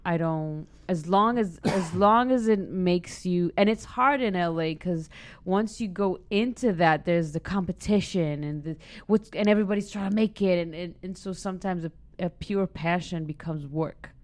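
A woman from Israel, a stand-up comedian chatting in an interview and telling a personal story with lively acted-out quotes. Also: lowish voice, moderate pace. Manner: animated storyteller, acts out quoted voices, frequent restarts.

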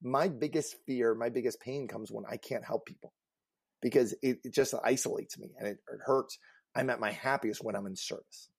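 A man co-hosting a casual panel talk as a career coach, earnest and emphatic, growing animated as he tells stories. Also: mid-range voice, normal speed, vocal fry, husky, no room sound.

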